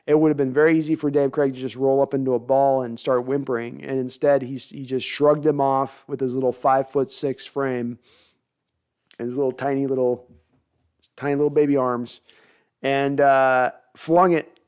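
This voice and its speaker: A man's voice: mid-range voice, level tone, moderate pace, darkish tone, clean tone. A man hosting a casual sports live stream, rambling playfully and reading out viewer comments. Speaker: podcast host.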